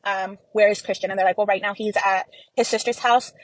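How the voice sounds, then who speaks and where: A woman's voice: mid-range voice, steady tone, a little fast, poor audio. A young woman from Texas, a podcast guest, tells a painful family story in a close-mic interview, acting out what people said with many "like"s. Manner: recounts events by acting out quoted dialogue, many fillers. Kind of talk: emotional personal storytelling.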